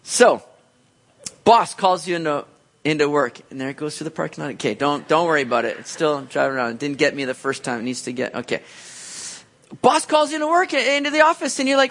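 Animated man preaching, higher voice. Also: fast talker. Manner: animated, jumps into high voices to act out reactions; conversational preaching with frequent asides. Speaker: pastor. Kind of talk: sermon.

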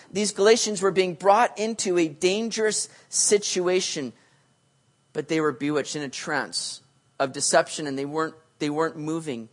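A pastor preaching a sermon, animated, switching between loud emphasis and hushed asides, and acting out quoted voices. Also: mid-range voice. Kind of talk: sermon teaching on a Bible passage.

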